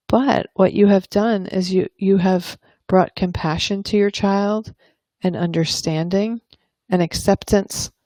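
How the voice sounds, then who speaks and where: A woman and parenting coach talking calmly and earnestly to camera, explaining ideas and acting out example dialogues. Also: medium pitch, no room sound. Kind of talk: advice talk to camera.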